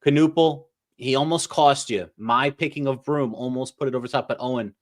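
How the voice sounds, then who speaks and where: A man's voice: mid-range voice, moderate pace, a crowd in the background. A man hosting a casual sports talk show, playful and hyped, with mock-grand praise. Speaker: host.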